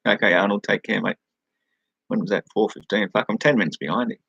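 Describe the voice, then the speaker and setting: A man's voice: lowish voice, fairly quick, gravelly, fairly bright tone, slightly rough, no room sound, highs cut off. An Australian man from New South Wales hosting a casual live chat over a webcam, rambling, swearing freely and laughing at his own remarks. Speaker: live-stream host.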